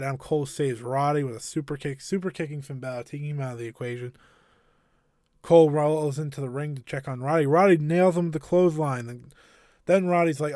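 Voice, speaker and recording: A man's voice: on the high side, darkish tone, no room sound, clean studio sound. A man giving a casual, enthusiastic and opinionated recap of a wrestling show, rambling a little with fillers.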